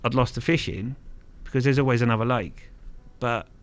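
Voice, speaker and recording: A man's voice: medium pitch, brisk. A middle-aged man from Kent, telling stories as a guest in a casual interview, frank and earthy, swearing freely and repeating words. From Kent, England. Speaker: guest angler.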